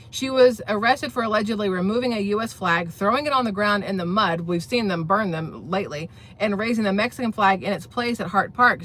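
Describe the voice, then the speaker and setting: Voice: medium pitch, bright, forceful tone. A channel host giving blunt, opinionated political commentary in a casual vlog, talking straight to viewers and rambling through restarts.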